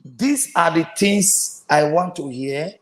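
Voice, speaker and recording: A man's voice: on the high side, takes it slowly. Emphatic Nigerian man in an echoey room. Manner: emphatic, repeats phrases for stress. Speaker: host of a political livestream. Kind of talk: live commentary.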